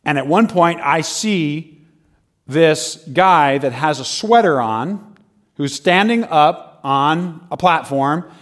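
A man telling a personal story in a lively way, often laughing and acting out the people in it. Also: a little high, slow pace. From United States. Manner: lively, laughing as he tells it, acts out voices.

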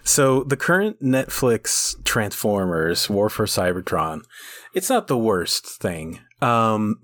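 A man co-hosting a podcast speaks at an unhurried, easygoing pace. He is wry and happy to wander off on tangents. The recording is dry and close, with no room around the voice. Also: lowish voice, a bit bright, no echo. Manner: wry, tangent-prone storyteller. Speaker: podcast co-host. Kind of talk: casual chat.

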